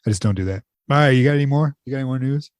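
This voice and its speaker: Male podcast co-host, mid-range and dry, quick blunt jokester, easygoing chat. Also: medium pitch, a little mellow, no room sound. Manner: blunt, joking, crude quips. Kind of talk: casual chat.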